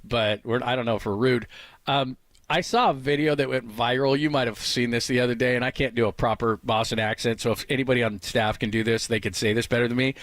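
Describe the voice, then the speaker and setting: A man's voice: mid-range voice, fairly even intonation, fast talker, fairly bright tone, dry recording. Laughing Bay Area sports radio man. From San Francisco Bay Area. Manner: laughs often, reads lists aloud. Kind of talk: casual radio chat.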